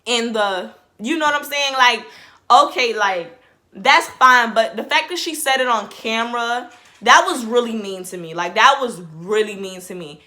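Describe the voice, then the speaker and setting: A woman's voice: on the high side, normal speed, sharp tone. A woman vlogger giving a casual reaction commentary. She talks in a rambling, chatty way, says "like" in almost every phrase and often restarts her sentences.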